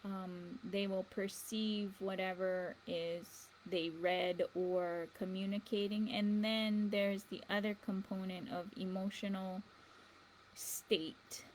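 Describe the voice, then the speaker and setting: Slow, rambling woman. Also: mid-range voice, level tone, darkish tone, a little hiss or hum, low-quality recording. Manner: meandering, laughs between thoughts. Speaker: livestream show host. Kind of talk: rambling casual monologue.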